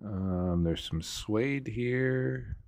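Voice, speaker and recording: A man's voice: lowish voice, extremely slow, darkish tone, no echo, clean studio sound. A man hosting a casual solo talk show, rambling and swearing freely as he browses on his computer. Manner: rambling, profane, restarts a lot. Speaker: podcast host. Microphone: desk mic at computer.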